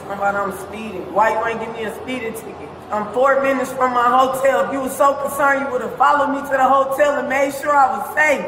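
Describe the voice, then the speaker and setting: Angry cursing woman, high voice, echoey reverb-y room, bit of hiss. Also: steady tone, a little fast, hardly any pauses, a bit bright. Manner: furious, cursing, threatening. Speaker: detained driver. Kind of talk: heated confrontation with police. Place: police stop and hospital room. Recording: echoey room with long reverb, faint noise.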